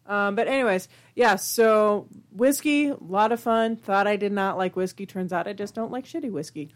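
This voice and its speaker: A woman's voice: medium pitch, moderate pace. Chatty woman co-hosting a podcast. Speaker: podcast co-host. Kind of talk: casual chat.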